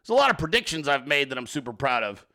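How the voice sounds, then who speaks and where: A male host giving profane comedic political commentary, animated and often laughing. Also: mid-range voice, fast.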